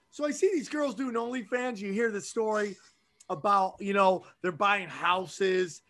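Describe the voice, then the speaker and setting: In loose podcast banter, a middle-aged stand-up and host spins animated, foul-mouthed, meandering anecdotes. He speaks at a moderate pace in a high-sitting voice.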